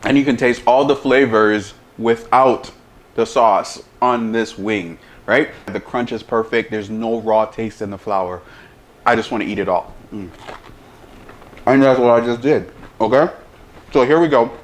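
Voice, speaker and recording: Man, home cook host, slow unhurried talk, mid-pitched voice, chewing and humming between lines. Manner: talks with mouth full, lots of savoring hums; slow, relaxed delivery. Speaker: chef, cooking show host. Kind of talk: casual cooking demo and taste test.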